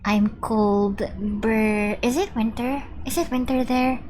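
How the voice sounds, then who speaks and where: A woman's voice: on the high side, a little slow, darkish tone, slight background noise. Chatty woman streaming a game. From Philippines. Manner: chatty, reads in-game text aloud. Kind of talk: live gameplay commentary.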